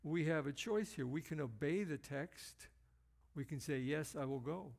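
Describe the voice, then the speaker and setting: A man preaching a sermon in an earnest, emphatic way. His voice is gravelly and sits a little high. He slows down to lean on the phrases that matter most.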